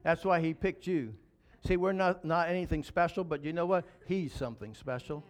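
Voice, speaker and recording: A man's voice: a little high, normal speed. A man preaching a sermon as pastor, emphatic, with rhetorical questions and chuckles.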